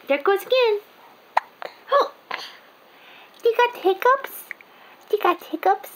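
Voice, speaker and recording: A woman's voice: extremely high pitch, huge pitch swings, takes it slowly, long pauses, fairly bright tone, slight background noise. A mother filming her baby at home on a handheld camera, cooing in sing-song baby talk and laughing often. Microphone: handheld home video camera.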